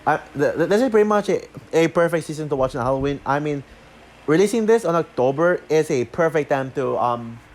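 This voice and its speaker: A man talking through a show review off the cuff, halting with many fillers and restarts, short of breath. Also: a little high, animated, a little mellow. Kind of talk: unscripted review talk.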